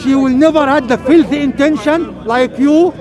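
Man, insistent street debater, very high fast voice, crowd noise behind. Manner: insistent, repeats himself. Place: outdoors on a busy city street.

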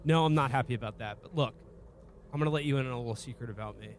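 A man riffing in a halting, mock-earnest comedic way, full of restarts. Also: medium pitch, slight background noise.

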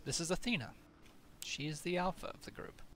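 A man's voice: on the high side, a little fast, bright, forceful tone, a little hiss or hum, pitched above the performer's own voice. A man doing a blunt woman griffin keeper. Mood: stern. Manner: blunt, wry, hesitant with fillers. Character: tough woman griffin keeper, dry humor.

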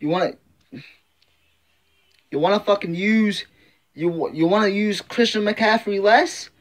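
A man whose voice sits high, with fairly even intonation and a slightly slow delivery, rants as an irate sports fan vlogger. He swears all the time and repeats himself throughout.

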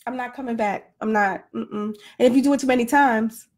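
A woman with a high, bright voice talks straight to her phone camera in a playful rant. She laughs often, pokes fun at herself and swings her pitch all over. She sounds a little winded, fresh from a workout. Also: a little fast. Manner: animated, self-deprecating, laughs often. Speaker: vlogger. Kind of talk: casual comedic rant to camera.

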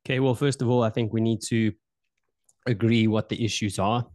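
A man's voice: lowish voice, fairly even intonation, normal speed, darkish tone, dry recording. A male podcast host improvising a role-play as a politician in his own voice, loose and hesitant, repeating words. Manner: voicing a well-known politician in his own voice.

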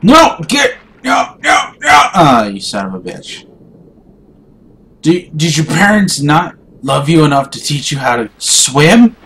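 A man's voice: big pitch swings, takes it slowly. Swearing man raging at a game. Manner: swings from low muttering to shouted frustration; swears a lot. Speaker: gaming YouTuber. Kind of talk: raging gameplay commentary.

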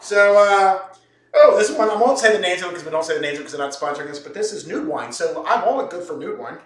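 A man's voice: sits high, expressive, fast talker. A man hosting a home cooking show, joking and rambling with lots of fillers and restarts. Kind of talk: casual cooking show banter. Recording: roomy, from a distance.

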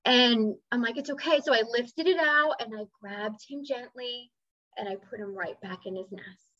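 Bright-voiced woman telling a story. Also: on the high side, normal speed, no echo. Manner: earnest, animated, acts out voices and sounds. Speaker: spiritual speaker. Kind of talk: casual storytelling talk. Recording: slightly dull dry recording.

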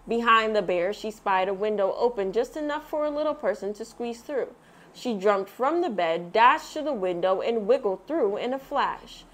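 A woman reading a children's picture book aloud, with expressive storytelling, then sharing her thoughts. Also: on the high side. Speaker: read-aloud host.

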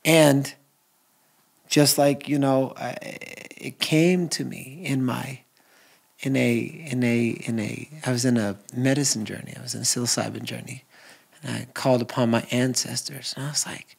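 Casting: husky man, guest on a podcast, earnest, from hushed whispers to loud bursts. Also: mid-range voice, fairly even intonation, moderate pace. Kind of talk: emotional personal storytelling.

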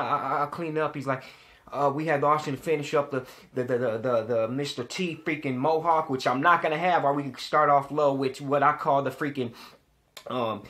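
A young man vlogging to the camera, telling a story with plenty of swearing. His voice sits a little high for a man, and he keeps circling back and repeating words as he gets heated. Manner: animated, profane, repeats himself when worked up.

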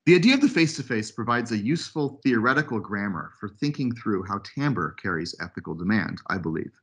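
A man giving an academic webinar lecture, reading a prepared text in a measured way with occasional asides. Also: lowish voice, animated, husky. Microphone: computer mic on video call.

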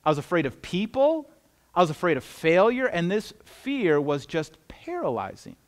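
A man's voice: sits high, wildly swooping pitch, moderate pace. A man preaching an earnest, conversational sermon as a pastor, often restarting and repeating words.

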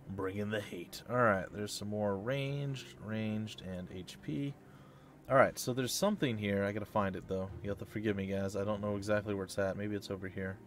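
With a lowish voice, this let's play host keeps up chatty, excited commentary, loudly reacting whenever he hits or misses.

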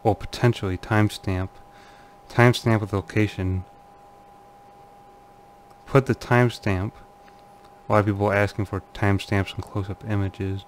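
A man with a low, fairly monotone voice reads through forum threads and comments on them. He laughs nervously and often trails off into quiet, uneasy mutters. A faint hum sits under the recording. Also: moderate pace, pauses often. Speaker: channel host. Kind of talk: casual commentary reading forum posts.

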